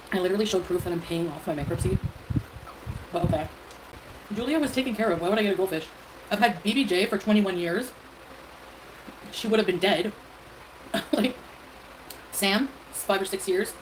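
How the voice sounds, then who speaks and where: A woman livestreamer talks in a loose, rambling way, defending herself and leaning on fillers. Her pitch sits in the middle. Clear background noise runs under the stream audio. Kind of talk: casual livestream talk.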